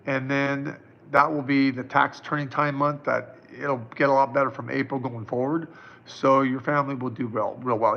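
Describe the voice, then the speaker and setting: Man, 50s, psychic, live-stream Q&A, casual, reassuring, lots of fillers, gravelly voice, dull lo-fi audio. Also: medium pitch. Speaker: psychic answering viewer questions.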